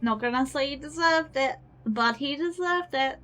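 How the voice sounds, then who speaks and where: A woman's voice: high-pitched, moderate pace, fairly bright tone, faint music behind. A young adult woman streaming a game, chatting casually and thinking aloud in a flustered, giggly way. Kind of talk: casual live-stream gameplay chat.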